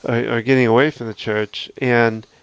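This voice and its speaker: Male podcast host, mid-pitched, reflective and earnest, unscripted, smooth voice. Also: flat delivery, moderate pace, no echo, lo-fi sound. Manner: earnest, reflective, talks through a numbered list.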